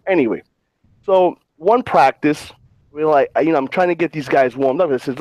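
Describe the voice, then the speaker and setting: A man telling a rowdy, profane story on a casual panel show, animated and loud in the quoted parts. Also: fairly high pitch, fairly quick, no echo, low-quality recording.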